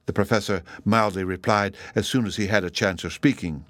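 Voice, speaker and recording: A man narrating a story in a measured audiobook reading. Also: no echo, clean studio sound. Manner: measured storytelling with lively pitch.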